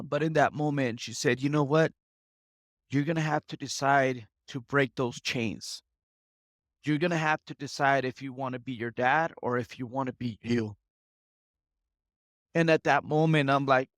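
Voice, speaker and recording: A man in his thirties, a podcast guest, speaking tearfully in an earnest, halting way and often repeating himself. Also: a little high, dry recording, studio quality. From United States and Mexico. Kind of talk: emotional interview talk.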